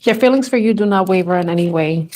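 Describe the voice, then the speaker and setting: A woman's voice: on the low side, fast talker, darkish tone. A woman giving a live tarot reading to camera, talking in a tender, rambling way and growing emotional as she reads. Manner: tender, rambling, moved to tears at times. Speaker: tarot reader.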